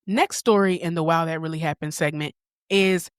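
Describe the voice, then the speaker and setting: A woman's voice: deep voice, normal speed, clear, resonant tone, dry recording. Woman podcaster, blunt and candid, cussing here and there, dry close mic. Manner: blunt, candid, swears casually. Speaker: podcast host. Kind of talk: opinionated commentary.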